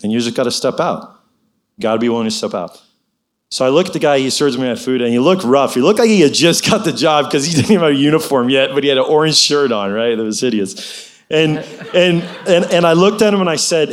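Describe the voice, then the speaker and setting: A man's voice: mid-range voice, expressive, quick pace. A middle-aged man telling a personal faith story in a conversational, preaching style. He exhorts his listeners and keeps adding "you know" asides.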